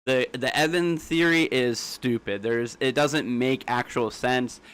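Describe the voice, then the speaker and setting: Young male streamer, blunt and argumentative, rapid casual chat. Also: mid-range voice, fairly bright tone, clean tone. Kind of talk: casual live-stream talk.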